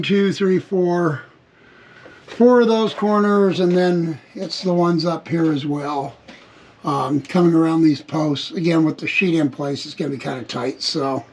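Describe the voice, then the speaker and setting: A man's voice: a little high, a little mellow, rough recording. A man casually talking viewers through each step of a hands-on repair job. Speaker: vlogger working on his RV. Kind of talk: casual work narration to camera. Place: workshop area around a vehicle frame.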